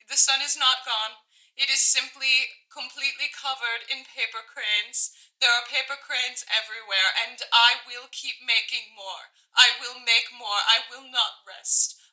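Bright, high-voiced, theatrical mountain woman caller, played by an actress, effusive and unhurried. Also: heavily acted, low-quality recording. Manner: effusive, emotional, melodramatic. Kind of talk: improvised comedy character acting.

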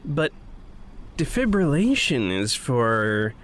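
A woman's voice: extremely low pitch, sing-song, takes it slowly, full character voice. A woman voicing an anxious, guilt-ridden young male vampire in an audio drama, stammering and pleading.

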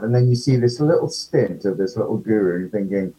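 A man's voice: mid-range voice, animated, brisk, dark tone. A British man, an actor being interviewed, chatting casually and acting out what people said. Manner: chatty storyteller, acts out quotes. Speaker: actor guest. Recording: dull lo-fi audio.

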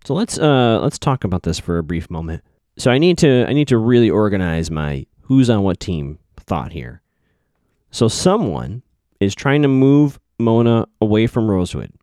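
Low-voiced man musing through a recap. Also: big pitch swings, moderate pace, dark tone, no room sound, clean studio sound. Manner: thinking aloud, self-correcting, musing. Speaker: TV episode recapper. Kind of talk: casual spoken recap.

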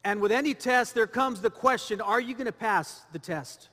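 A man's voice: high-pitched, normal speed, sharp tone, big-room sound. A man preaching a sermon, asking rhetorical questions and repeating phrases as he builds his point. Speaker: pastor.

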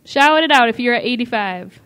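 A woman calling bids at a live charity auction, repeating amounts and coaxing the room for higher offers. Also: animated, a little fast, fairly bright tone, smooth.

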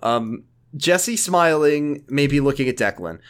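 A man's voice: a little high, lively intonation, takes it slowly, clean tone. A man co-hosting a podcast, recapping a TV episode in a casual, joking, profane way. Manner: joking, profane, acts out characters' lines. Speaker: podcast co-host.

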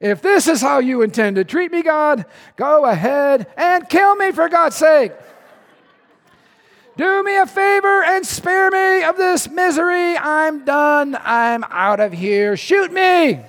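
A man's voice: very high-pitched, expressive, slow pace, fairly bright tone, pitched above the performer's own voice, exaggerated voice. A preacher voicing an exasperated old male prophet who complains to God in a whiny, pleading, melodramatic rant.

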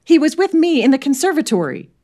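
A woman's voice: fairly high pitch, very animated, moderate pace, pitched above the performer's own voice. A woman voicing an outspoken young woman who bursts into the talk, impatient and eager.

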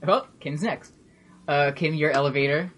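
Chill guy running a tabletop game, husky voice, swears and cracks himself up. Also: a little high, moderate pace, fairly bright tone. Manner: laid-back, swearing, laughs at himself. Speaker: game master.

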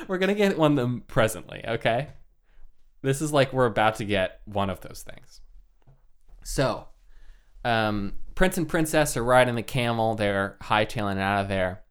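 A man's voice: medium pitch, moderate pace, clear, resonant tone. A man casually retelling a fairy tale with wry humor, using fillers, as a podcast co-host. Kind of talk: casual comedic storytelling.

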